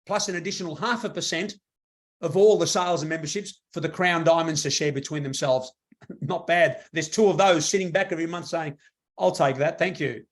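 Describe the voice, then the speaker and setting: A man giving an enthusiastic motivational sales pitch to a live audience, repeating himself for emphasis. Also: brisk. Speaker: presenter at a business meeting.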